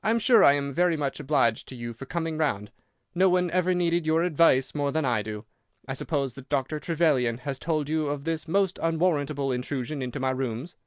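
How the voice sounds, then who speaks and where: A man's voice: fairly high pitch, fairly quick, clear, resonant tone, no room sound, studio quality, natural voice. Man putting on a reedy, quivering nervous man. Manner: nervous, pleading. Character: nervous fat older man, frightened and evasive. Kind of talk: audiobook character reading.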